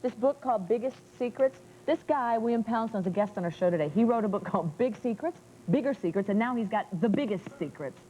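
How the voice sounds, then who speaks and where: A woman's voice: fairly high pitch, animated, quick pace, few pauses, mellow, a little hiss or hum, rough recording. A woman co-hosting a TV talk show in a teasing, playful way, laughing often. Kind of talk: playful morning TV chat.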